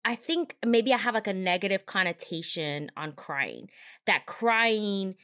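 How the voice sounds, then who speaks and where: A woman's voice: mid-range voice, lively intonation, a little slow, a bit bright. A woman with a mid-range voice talks through her thoughts on a podcast. She is candid and reflective, often restarting her sentences as she goes. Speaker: podcast co-host. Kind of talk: casual podcast conversation.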